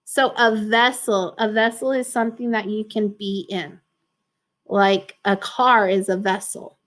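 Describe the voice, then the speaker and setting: A woman reading a picture book aloud to children, stopping to ask questions and explain words in an animated, giggly way. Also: mid-range voice, measured pace. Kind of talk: storybook read-aloud with commentary.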